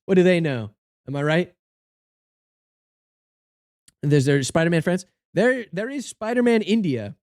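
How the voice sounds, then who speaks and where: A man's voice: a little high, a little mellow, no echo, clean studio sound. A man talking casually to his livestream chat, goofy and joking as he reviews game cards.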